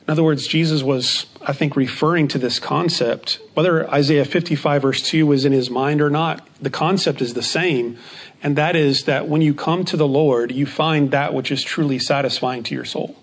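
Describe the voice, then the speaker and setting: A man's voice: a little high, fairly even intonation. Man teaching a Bible study lesson. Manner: measured, repeats key phrases for emphasis.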